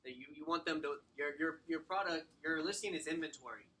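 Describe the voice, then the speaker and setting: A man's voice: on the high side, brisk, bright, forceful tone, slight background noise. A man leading a sales training workshop, coaching the group in a direct, upbeat way. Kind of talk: workshop teaching.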